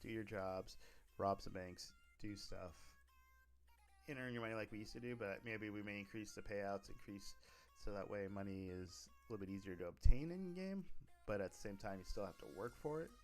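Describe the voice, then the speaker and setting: A man's voice: lowish voice, normal speed, soft background music. A man streaming, talking casually about running a role-play server, rambling with frequent restarts and self-corrections. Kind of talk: casual livestream talk.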